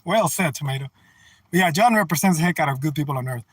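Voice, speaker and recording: A man's voice: a little high, expressive, fast talker, background noise. A man streaming casual chat from his car while driving, talking in a rambling, repetitive, earnest and folksy way. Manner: folksy and slangy. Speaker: live streamer. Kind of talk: casual livestream chat, reading out viewer comments.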